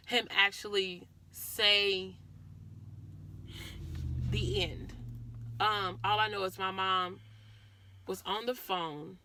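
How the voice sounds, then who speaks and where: A woman's voice: medium pitch, sharp tone, dry recording. A woman vlogger earnestly recounting a painful personal story, often repeating herself.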